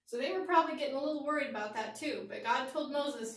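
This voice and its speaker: A woman teaching children a Bible story, lively and asking them questions. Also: high-pitched, fast, far from the mic. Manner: animated, asks the kids questions. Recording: roomy echo, voice from off-mic.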